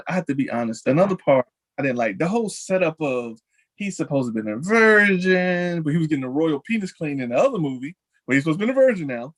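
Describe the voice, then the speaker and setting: A man hosting a casual celebrity chat show, talking in an animated way and leaping high in pitch when excited. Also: slightly rough. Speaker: show host.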